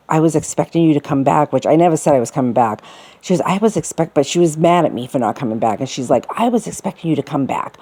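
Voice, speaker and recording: A woman's voice: very deep voice, warm tone. A middle-aged woman telling a personal story in a casual, rambling way, full of restarts and fillers. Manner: rambling, many restarts and fillers, quotes people in put-on voices.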